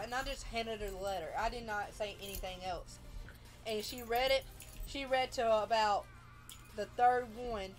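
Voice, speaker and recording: High-voiced woman telling a story. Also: unhurried, soft background music. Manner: storytelling, acts out quoted people. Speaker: livestream host. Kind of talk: casual livestream chat.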